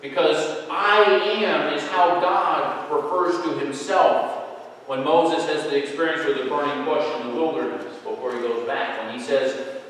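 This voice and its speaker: A man preaching a sermon as pastor, in a conversational way that sinks to a low murmur in his asides. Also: steady tone, measured pace, fairly bright tone, slight background noise. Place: church sanctuary. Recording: echoey hall from far off.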